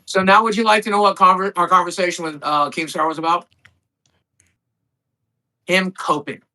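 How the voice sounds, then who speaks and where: A bright-toned man argues on a live stream, insistent and repetitive. He keeps pushing his point while the other speaker rages. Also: high-pitched, fairly even intonation, normal speed, poor audio. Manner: insistent, repeats himself. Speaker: stream co-host. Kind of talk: heated livestream argument.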